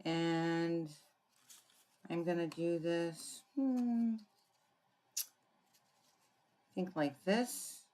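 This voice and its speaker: A woman giving a casual card-making tutorial, chatting and thinking aloud as she works, often clearing her throat. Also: lowish voice, drawn-out words, pauses often, warm tone, a little hiss or hum. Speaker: papercraft demonstrator.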